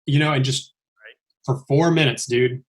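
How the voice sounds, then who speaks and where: A man tells a story in a relaxed podcast chat. He gets animated and acts out the lines he quotes. His voice sits at an ordinary middle pitch. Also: a little slow. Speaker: stuntman telling his story.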